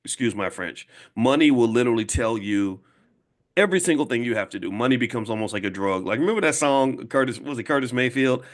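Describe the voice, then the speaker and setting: A man in his fifties speaking to a live audience as a finance educator, emphatic and casual, repeating points slowly to drive them home. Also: medium pitch. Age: 50s. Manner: emphatic, slow and repetitive for emphasis; casual, conversational, direct address. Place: room with an audience.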